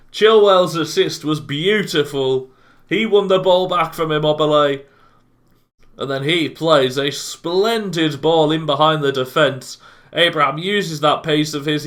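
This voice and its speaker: A young man casually commentating on his own football video game match, calm between chances and bursting out loudly when goals go in. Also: fairly high pitch. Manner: excitable, bursts loud at goals. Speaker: gaming YouTuber.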